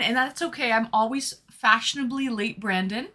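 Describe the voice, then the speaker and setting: A woman's voice: fairly high pitch, normal speed, sharp tone. A woman hosting a livestream, greeting viewers one by one in playful casual chat and calling them sweeties, from a small room. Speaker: livestream host.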